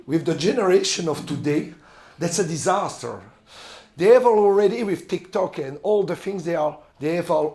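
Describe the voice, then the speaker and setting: Man, middle-aged, french accent, high voice, coach's lecture, halting, lots of fillers. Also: darkish tone. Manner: halting, searches for words, frequent fillers. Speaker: volleyball coach giving a seminar talk.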